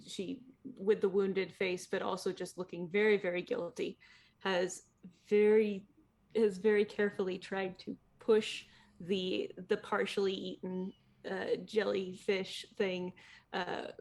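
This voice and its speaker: A woman's voice: medium pitch, little pitch movement, a little slow. A woman playing a tabletop game, describing her character's actions hesitantly with many fillers. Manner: hesitant, filler-heavy narration. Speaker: player. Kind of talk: casual tabletop game play.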